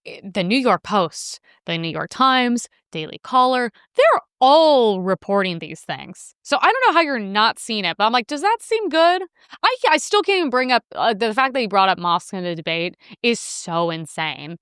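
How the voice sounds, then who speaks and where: Sarcastic lady ranting about news clips, super animated, dry close sound. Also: medium pitch, moderate pace, hardly any pauses, clear, resonant tone, no echo. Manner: brash, sarcastic, profane. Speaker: political commentary host.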